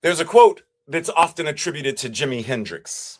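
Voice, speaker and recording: A man preaching as a minister, with a measured, repetitive cadence. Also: a little high, animated. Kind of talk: sermon.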